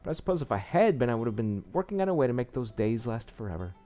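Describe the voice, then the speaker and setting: Man, story reader, lively swooping pitch, a little worn in the voice, quiet music behind. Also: quick pace. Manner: reads narration with asides and small slips. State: losing his voice. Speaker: game narrator. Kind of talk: reading a visual novel aloud.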